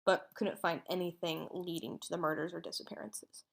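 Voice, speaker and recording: A woman's voice: lowish voice, fairly even intonation, brisk, vocal fry, slightly rough. A woman co-hosting a podcast, telling a true crime story in a casual way and acting out what people said. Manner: acts out quotes, sometimes drops to a whisper.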